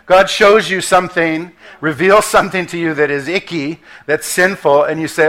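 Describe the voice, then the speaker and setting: A man preaching a sermon in a conversational way, slowing down for emphasis and acting out little asides. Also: on the high side, steady tone, a bit bright. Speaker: pastor.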